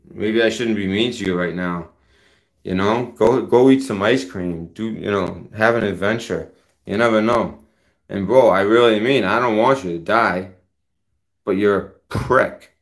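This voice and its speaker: A man hosting his own channel, delivering a confrontational, profane rant straight at a rival. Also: on the low side. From United States. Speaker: channel host. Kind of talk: heated rant to camera.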